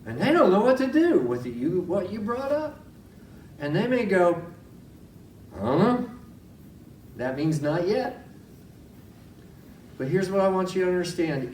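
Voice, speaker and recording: A man's voice: a little high, a little mellow, recorded from a distance, a little hiss or hum. Folksy male chaplain in a roomy echo. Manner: folksy storytelling with direct questions to listeners. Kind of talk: sermon-style teaching talk.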